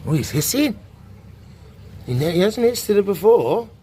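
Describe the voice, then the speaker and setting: A man's voice: sits high, big pitch swings, normal speed, breathy edge. Chatty man talking to his animals. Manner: chatty, talks softly to the animals. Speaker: reptile keeper. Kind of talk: casual animal care vlog.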